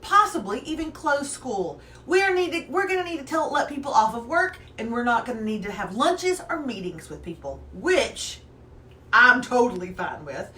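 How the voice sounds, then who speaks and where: A woman co-hosts a casual live morning chat, bubbly and talkative as she reads viewer comments. Her voice sits a little high. She sounds slightly back from the mic, with a faint hum in the room. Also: moderate pace, roomy sound, recorded from a distance. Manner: chatty and animated, reads viewer comments aloud. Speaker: co-host of a morning live show.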